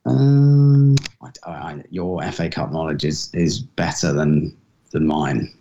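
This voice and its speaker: A man's voice: extremely low pitch, slow pace, mellow, a little hiss or hum. A young man co-hosting a casual podcast, hesitant and self-deprecating, speaking over a video call. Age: young adult. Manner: hesitant, many fillers and restarts, self-deprecating. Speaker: podcast co-host. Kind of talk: casual chat. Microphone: laptop video call. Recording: dull lo-fi call audio.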